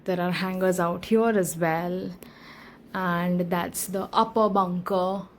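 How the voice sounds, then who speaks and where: A woman vlogging her travels in a relaxed, casual way, with lots of fillers and pauses as she shows a hostel room and a beach. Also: on the low side, a little hiss or hum, low-quality recording. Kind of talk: casual travel vlog narration. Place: hostel room and outdoors on an island.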